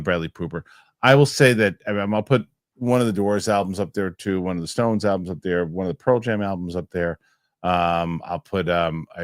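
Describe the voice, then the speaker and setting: A man's voice: low voice, no room sound, clean studio sound. A man hosting a casual live show, rambling loosely and reading viewer comments aloud. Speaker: host.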